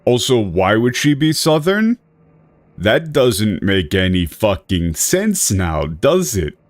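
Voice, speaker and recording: Give me an exasperated man on a livestream, low-pitched and rambling, recorded dry and close. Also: big pitch swings, slow, no echo. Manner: rambling, self-correcting, exasperated. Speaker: streamer. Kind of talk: casual livestream commentary.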